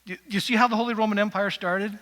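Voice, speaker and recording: A man's voice: sits high, fairly even intonation, fast talker, fairly bright tone. A male pastor giving a conversational sermon in a church, rambling with asides to the congregation. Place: church sanctuary. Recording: long reverb of a church hall.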